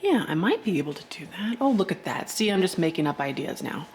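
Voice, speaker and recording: A man touring his vintage shop on a casual vlog, thinking out loud and chuckling as he goes, recorded on a handheld camera and later a phone. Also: high voice, big pitch swings, fast, a little hiss or hum. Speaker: shop owner and vlogger. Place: indoor vintage shop room. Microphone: handheld camera, then phone.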